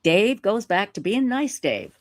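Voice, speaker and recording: A woman live streamer telling a story in casual interview chat, animated and self-mocking, laughing often. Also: mid-range voice, measured pace, no room sound, clean studio sound. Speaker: YouTube live streamer reading a letter.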